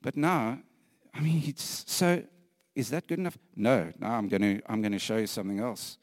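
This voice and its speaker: A man preaching a sermon earnestly, repeating phrases for emphasis, sometimes dropping to a hushed whisper and laughing lightly between points. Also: fairly low pitch, moderate pace, dry recording, clean studio sound, long reverb tail.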